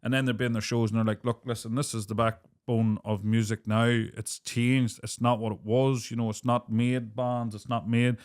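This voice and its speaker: A man's voice: mid-range voice, level tone, normal speed, hardly any pauses, a little mellow, clean tone. A man hosting a podcast, asking long, rambling questions in casual chat. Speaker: podcast host.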